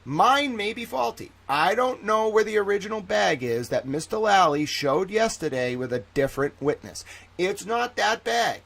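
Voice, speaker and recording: Man reading as a defense attorney at sidebar, insistent, lively swooping pitch, fairly high voice. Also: moderate pace, creaky, full character voice. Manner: dramatic reading of a transcript. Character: male defense attorney arguing at a court sidebar.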